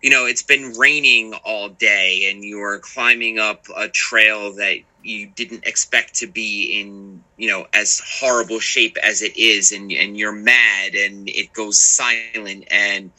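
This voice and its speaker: A man's voice: lowish voice, fairly even intonation, slow, bright, forceful tone, rough recording. A man co-hosting a hiking podcast, talking in an earnest, reflective way with some swearing. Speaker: podcast co-host. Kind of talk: casual chat.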